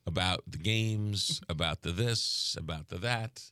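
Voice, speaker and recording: A man's voice: low voice, bright, forceful tone, clean tone, no room sound, studio quality. A man with a New York accent hosting a morning radio show, chatting casually with frequent ums and uhs. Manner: halting, lots of ums and uhs. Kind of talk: casual on-air chat.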